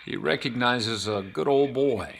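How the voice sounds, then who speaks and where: A man reporting a news feature in scripted narration with a wry, measured delivery. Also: mid-range voice, vocal fry, slight background noise.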